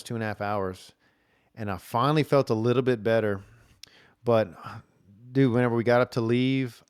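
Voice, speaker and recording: A man's voice: medium pitch, clear, resonant tone, dry recording, clean studio sound. Male podcast host, casual rambling storyteller, clean resonant voice. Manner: rambling, says "dude" and "like" a lot.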